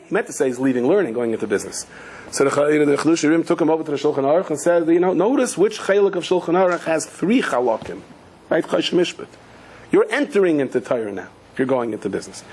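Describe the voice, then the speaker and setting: Husky storytelling rabbi, man. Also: fast. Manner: animated storyteller, acts out quoted voices with sudden high pitch; mixes Yiddish and Hebrew terms, light humor. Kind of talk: Torah class with stories.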